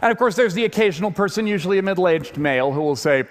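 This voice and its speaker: Man, stage talk, lively swooping pitch, slightly high voice, long hall reverb, repeats words when excited. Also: fast talker, hardly any pauses, slight background noise. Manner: animated, repeats words when getting going. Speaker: speaker giving a stage talk.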